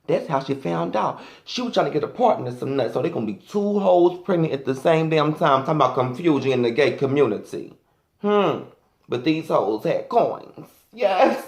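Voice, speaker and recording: A man's voice: a little high, lively intonation, moderate pace, creaky, roomy sound. A man doing a sassy, flamboyant, profane comic rant as a vlogger.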